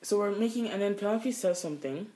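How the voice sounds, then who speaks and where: A woman's voice: mid-range voice, lively intonation, fast talker, dark tone. A young woman co-hosting a podcast, telling a work story in casual chat, swearing freely as she vents. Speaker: podcast co-host. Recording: echoey room.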